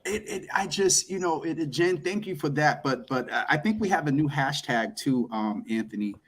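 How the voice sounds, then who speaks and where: A man's voice: fairly high pitch, animated, normal speed. A man with a Boston accent hosting a casual live video chat, often repeating words as he starts his sentences. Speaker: host.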